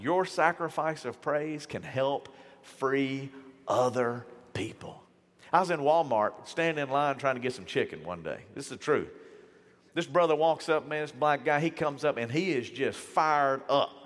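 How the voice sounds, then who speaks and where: A man in the pulpit preaching a casual, animated sermon, acting out the voices of people in his stories. His voice sits high and moves all over the place. The church hall adds a long, ringing reverb. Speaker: pastor.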